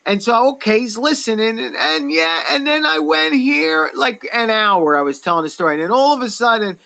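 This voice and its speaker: Gravelly, high-voiced older man. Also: moderate pace. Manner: laughing, animated storyteller. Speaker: community member. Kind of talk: casual chat.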